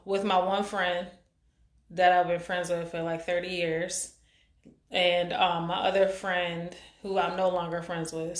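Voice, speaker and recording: A woman's voice: lowish voice, fairly bright tone. A woman of about forty hosting a live stream, chatting casually and rambling with lots of fillers as she greets viewers. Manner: rambling, halting, many fillers. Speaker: live-stream show host. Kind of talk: casual chat reading viewer comments. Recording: echoey room.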